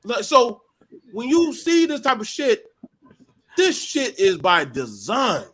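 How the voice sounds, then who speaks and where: Podcast host guy, high voice, swears constantly, blunt rant. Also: sing-song, slow, fairly bright tone. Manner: profane, blunt ranting. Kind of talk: heated panel discussion.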